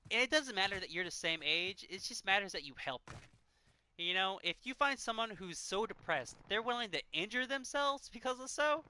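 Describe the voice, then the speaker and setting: Bright-voiced emotional man in his thirties. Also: sits high. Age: 30s. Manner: earnest, emotional, sighing often. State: choked up. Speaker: game streamer. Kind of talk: casual chat while gaming.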